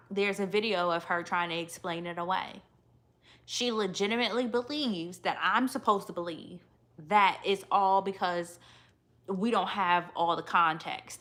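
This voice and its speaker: A woman hosting a live reality TV recap, animated and emphatic, with sassy asides. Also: medium pitch. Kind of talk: live aftershow commentary.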